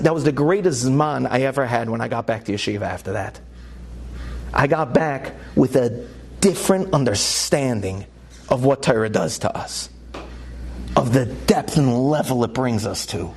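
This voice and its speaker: A man, a rabbi, telling a personal story in a lively way, laughing as he goes and getting louder and higher when excited. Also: moderate pace, slight background noise. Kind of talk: animated storytelling talk.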